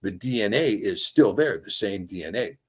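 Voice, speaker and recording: Husky-voiced man teaching scripture. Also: lowish voice, animated, normal speed. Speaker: Bible teacher. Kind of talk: verse-by-verse scripture commentary.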